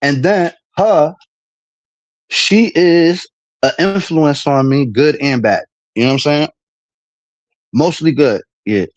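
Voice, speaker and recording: A man's voice: fairly high pitch, dry recording. A man streaming a casual, heated monologue, full of street slang and repetition as he vents about a friend.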